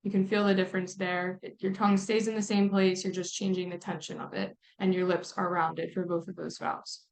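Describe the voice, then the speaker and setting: A woman lecturing on vowel sounds in a relaxed, explanatory way, often pausing with "um". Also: on the low side, vocal fry. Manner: relaxed explaining with frequent ums. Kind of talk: phonetics lecture.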